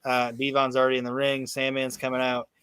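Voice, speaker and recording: With a mid-range voice and a fairly quick delivery, this man tells the story of a wrestling match he saw, the way a podcast host would in a loose recap. He rambles, curses, and keeps restarting, scattering fillers through his animated, casual chat. A faint hiss or hum sits under the audio.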